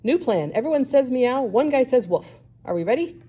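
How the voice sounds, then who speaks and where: A woman reads a children's picture book aloud with a fairly high voice and a mellow, slightly breathy tone. Her delivery is playful and animated, swinging widely in pitch as she voices animal sounds between the lines. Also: moderate pace. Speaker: storybook reader.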